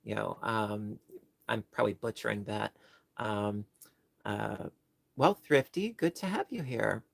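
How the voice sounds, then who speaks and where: A man's voice: on the low side, measured pace, vocal fry, dry recording. A man hosting a home livestream, chatting casually and reading viewers' comments, rambling and apologizing with many ums and restarts. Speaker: livestream host.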